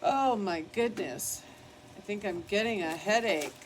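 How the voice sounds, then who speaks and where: Her pitch is medium and her pace unhurried as this older beauty vlogger does her makeup at her home vanity. She wanders through a casual get-ready-with-me chat, sometimes pausing to scold her dog. It's a rough recording with a little hiss or hum.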